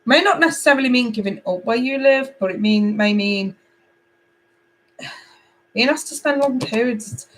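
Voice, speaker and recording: A middle-aged woman from England reading tarot cards live, chatty and animated as she talks to viewers. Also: a little high, normal speed, long pauses, rough recording. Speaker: tarot reader.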